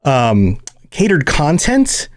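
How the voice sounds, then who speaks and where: An American man hosting a podcast, talking casually and animatedly with quick tangents. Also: a little high, huge pitch swings. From United States. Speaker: podcast host.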